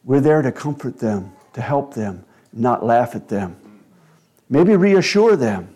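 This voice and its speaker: A man preaching a sermon in a slow, measured and earnest way, with quiet asides. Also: medium pitch, big pitch swings, breathy edge. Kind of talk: sermon on child-rearing.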